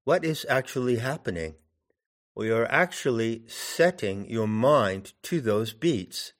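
An older man giving a measured, deliberate lecture on poetry, lingering on key words as he explains them. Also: mid-range voice, expressive. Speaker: teacher.

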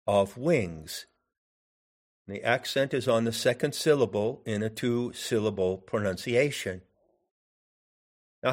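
An older man giving a measured, deliberate lecture on poetry, lingering on key words as he explains them. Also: mid-range voice. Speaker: teacher.

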